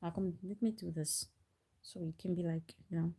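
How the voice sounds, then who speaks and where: A woman chatting on a live stream, telling stories in an animated, rambling way with restarts and frequent laughs, into a phone. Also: on the low side, moderate pace, breathy edge. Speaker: livestreamer. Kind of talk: casual storytelling on a live stream.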